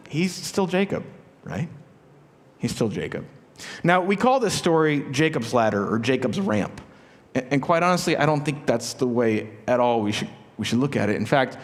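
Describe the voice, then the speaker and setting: A man preaching a sermon as a pastor, chatty and joking, with asides and rhetorical questions. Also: mid-range voice. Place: large church sanctuary. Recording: long church reverb.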